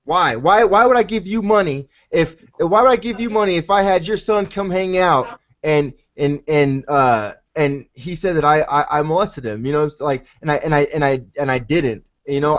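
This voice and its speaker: A man co-hosting a podcast, arguing bluntly and emphatically, swearing often. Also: a little high. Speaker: podcast co-host. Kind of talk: heated casual debate. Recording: dull lo-fi podcast audio.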